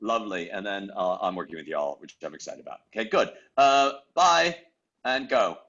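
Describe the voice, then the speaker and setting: A man's voice: lowish voice, lively intonation, moderate pace, fairly bright tone, muffled recording. A man directing an improv class, upbeat and encouraging, with many fillers like uh and um, on a video call. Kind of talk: coaching an online class.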